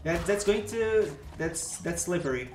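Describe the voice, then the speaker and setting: A man's voice: sits high, expressive, a little slow, a little mellow. Joking, teasing male stream host, roomy recording with music under. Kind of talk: casual gameplay chat.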